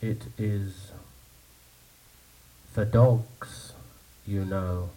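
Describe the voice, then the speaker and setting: A cryptic old villager in his later years, speaking low and slow in a near-hushed, halting murmur that hangs on each word, as a storyteller puts him on. The voice is dark and mellow, with a quietly ominous weight. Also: fairly even intonation, recorded from a distance, low-quality recording.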